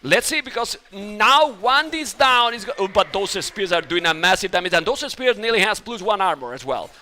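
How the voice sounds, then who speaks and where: Excitable high-voiced male esports caster. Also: normal speed, slight background noise. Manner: excitable, exclaims loudly at big moments. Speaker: esports commentator. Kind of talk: live game commentary.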